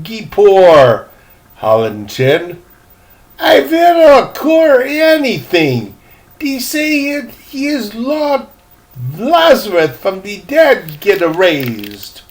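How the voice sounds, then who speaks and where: Grandfatherly man doing hulking bald sea captain, storybook reading, thick murky broken English, raised pitch, slow drawl. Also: huge pitch swings, full character voice. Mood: gruff, booming. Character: immense bald gin-drinking ship captain, gruff.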